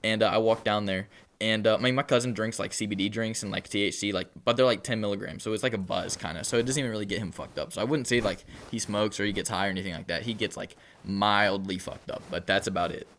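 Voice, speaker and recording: A storytelling vlogger, a young man with a fairly low, slightly bright voice, talks fast as he rambles through a personal story. He keeps it laid-back and casual, packed with filler words.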